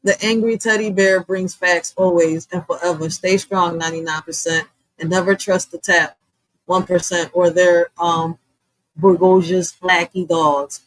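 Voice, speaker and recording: A woman hosting a casual livestream, talking bluntly with lots of swearing and reacting loudly, with laughs, to comments from her chat. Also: on the low side, steady tone, a little slow, no echo, poor audio. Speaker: livestream host.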